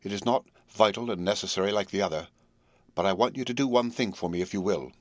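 Storybook part: a devoted young wife facing death, read by a man, earnest and tender, low and very dry. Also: fast talker, no room sound, natural voice. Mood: solemn, pleading.

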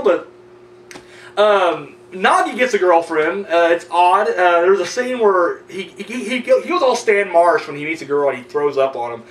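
A man's voice: high-pitched, sing-song, moderate pace. A man reviewing a horror film in a loose, profane plot recap, full of "you know" and "like". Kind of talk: casual rambling plot recap. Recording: roomy, distant mic with faint hum.

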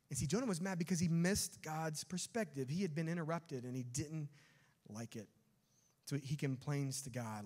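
A male pastor preaching a sermon, animated and dropping to quiet emphasis on key words. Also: a little high, normal speed. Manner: animated, acts out quotes, drops to quiet emphasis.

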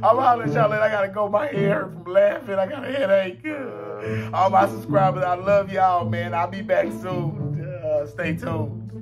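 A man hosting a reaction video, talking casually in heavy slang and breaking into loud laughter and exclamations. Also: high voice, normal speed, few pauses. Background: music from the video he reacts to.

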